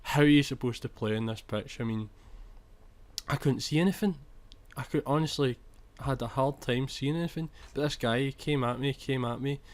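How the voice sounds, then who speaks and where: A man's voice: medium pitch, moderate pace. A young man commentating over his own football video game footage, chatty, restarting sentences and swearing when annoyed. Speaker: gaming commentator.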